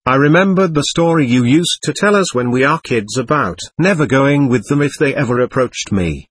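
A man in his twenties telling his own story in earnest, measured first-person narration. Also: mid-range voice, animated, husky, no echo. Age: 20s.

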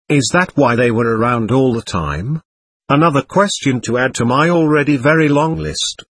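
Husky man narrating a personal memoir. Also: mid-range voice, no room sound. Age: 20s. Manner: earnest, measured storytelling.

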